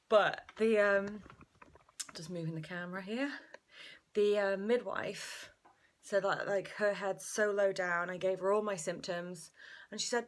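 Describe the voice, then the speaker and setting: A woman's voice: medium pitch, steady tone, unhurried. A young woman talks through a casual home vlog update. She rambles along with fillers, a little out of breath as she goes. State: slightly out of breath. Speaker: vlog host.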